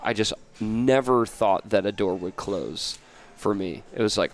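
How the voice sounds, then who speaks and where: Rambling, low-voiced American man. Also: unhurried. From United States. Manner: rambling, many fillers and restarts. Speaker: podcast guest, entrepreneur. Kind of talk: casual interview chat.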